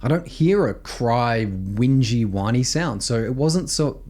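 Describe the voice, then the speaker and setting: An Australian man teaching voice technique, explaining exercises in an animated, emphatic way and often checking in with "right?". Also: medium pitch, a little slow. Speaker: vocal coach. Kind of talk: instructional explanation with sung demos.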